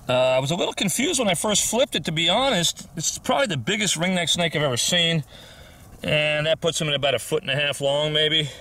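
A man's voice: fairly high pitch, pushed and bright, recorded from a distance, slight background noise. A man filming outdoors as he searches, talking through his finds in an easygoing, enthusiastic way, thinking aloud with fillers. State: a little out of breath. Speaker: vlogger. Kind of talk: outdoor nature vlog narration. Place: outdoors on a hillside.

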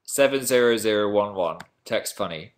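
A man's voice: fairly low pitch, animated, normal speed. A man hosting a casual livestream, chatting playfully and reading viewer comments aloud. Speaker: livestream host.

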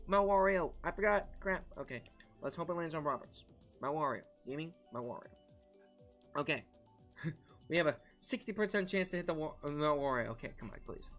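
A man streaming a racing game live, chatting with his viewers in an excitable, talkative way and laughing often. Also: on the high side, brisk. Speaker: gaming streamer. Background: faint background music.

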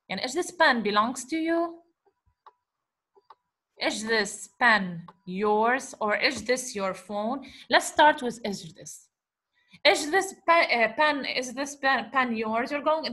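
A woman teaching a grammar lesson, explaining slowly, repeating examples and asking the class rhetorical questions. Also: fairly high pitch, a bit bright. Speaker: Arabic teacher.

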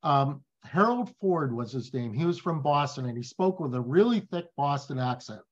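A man speaking as a guest in a casual interview, telling emphatic, animated stories. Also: on the high side, normal speed, highs cut off. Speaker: guest, business professor.

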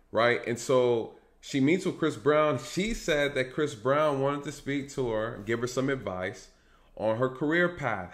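A commentary channel host delivers a casual monologue directly to his viewers, checking in with "right?" and "you guys." He swings between loud, lively stretches and low, muttered asides.

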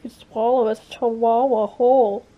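A woman's voice: fairly high pitch, flat delivery, measured pace, lo-fi sound. A woman vlogging casually about her cat, playful and teasing, with giggles. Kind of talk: casual chat. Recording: music playing behind.

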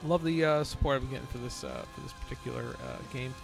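A man playing a video game and commenting as he goes, swearing and blowing up in frustration, then talking himself back down into calm. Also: medium pitch, fast talker, gravelly, soft background music. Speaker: let's play host. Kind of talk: gameplay commentary. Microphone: desk microphone.

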